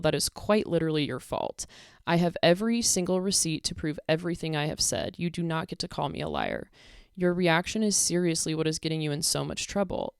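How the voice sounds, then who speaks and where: A young woman with a lowish, smooth, clear voice talks through an online argument. Her tone is exasperated and sarcastic. The recording is close and dry. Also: no room sound. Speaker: commentary creator. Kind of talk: casual commentary reading messages.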